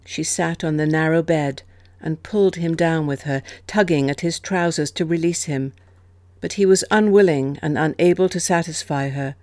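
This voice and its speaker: A woman narrating an audiobook in a measured, expressive manner. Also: sits low, dry recording. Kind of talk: scripted narration.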